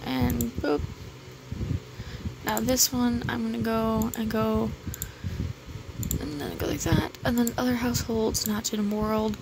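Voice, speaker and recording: A woman's voice: on the high side, fairly even intonation, slow, gravelly, long pauses. A woman casually narrating her gameplay, muttering menu commands aloud and sighing now and then in mild exasperation. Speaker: gaming video creator. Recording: noisy background hiss.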